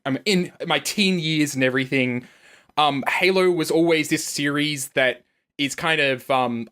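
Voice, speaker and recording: A man's voice: medium pitch, bright, forceful tone. A man co-hosting a gaming podcast, rambling eagerly with lots of fillers and the odd swear word. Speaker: podcast co-host. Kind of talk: casual gaming podcast chat.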